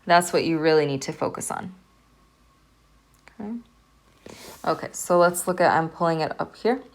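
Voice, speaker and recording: A woman's voice: low voice, moderate pace. A woman professor giving a recorded lecture, patiently repeating sounds for her students to hear. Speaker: Arabic language professor.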